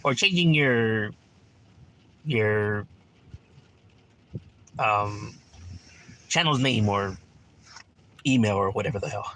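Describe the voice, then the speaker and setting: A man's voice: on the low side, slow pace, pauses often, bright, forceful tone, slight background noise. A man, chatting casually and profanely on a livestream from home, peppering his talk with "right?". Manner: laid-back, slangy, profane, keeps asking "right?". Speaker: livestreamer reading chat.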